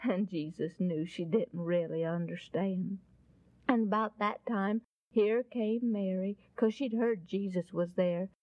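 On a dull, dry lo-fi recording, a woman with a medium-pitched voice tells a Bible story at a measured pace. She's folksy, animated, and dramatic, and finishes with a gospel appeal.

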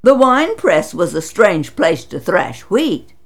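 Woman, storytelling narration, dramatic, slow pace, gravelly fry. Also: big pitch swings. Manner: dramatic, voices quotes with big pitch swings. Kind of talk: expressive scripted Bible story narration.

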